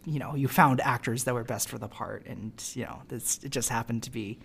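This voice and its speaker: A woman talks through a film in a relaxed podcast chat. She restarts her sentences often and leans on fillers as she thinks aloud. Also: rumbling low, a little fast, vocal fry, breathy edge. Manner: hesitant, many fillers and restarts. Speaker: podcast co-host. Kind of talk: casual film discussion.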